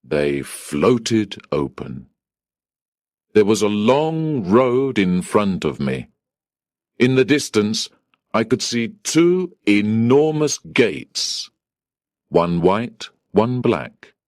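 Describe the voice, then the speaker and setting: Slow, dry-voiced male storyteller. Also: fairly low pitch, big pitch swings, darkish tone, no room sound. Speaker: narrator. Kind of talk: scripted story narration.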